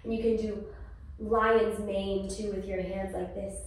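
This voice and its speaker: A mother leading a toddler yoga class, talking gently in a sing-song way to a small child. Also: mid-range voice, little pitch movement, measured pace, very noisy. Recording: echoey room, far from the mic.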